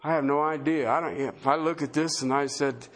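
A man's voice: on the high side, fairly even intonation, moderate pace. A pastor preaching an impassioned sermon, driving his points home with repeated, emphatic questions to his congregation. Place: church service before a congregation.

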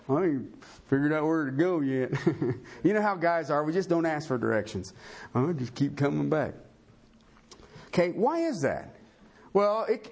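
A man preaching a sermon as pastor, folksy and self-deprecating, full of rhetorical questions. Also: high-pitched.

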